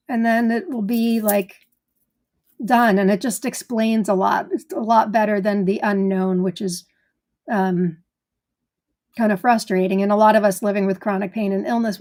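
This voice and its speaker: A woman's voice: mid-range voice, darkish tone. Chatty woman hosting a live stream. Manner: chatty, greets viewers by name. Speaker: host of a live gardening stream. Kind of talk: casual live-stream chat.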